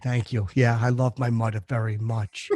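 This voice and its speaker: A man playing a crude, brash man-child comedy podcast host who is deadpan and over the top. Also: medium pitch, normal speed, natural voice.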